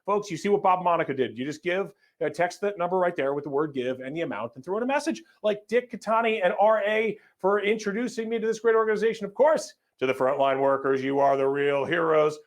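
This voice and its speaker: A man's voice: sits high, fast talker, few pauses. A man hosting a live charity benefit, upbeat and joking as he reads out donor names and gift amounts. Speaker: fundraiser auction host. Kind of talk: live benefit fundraising call-out.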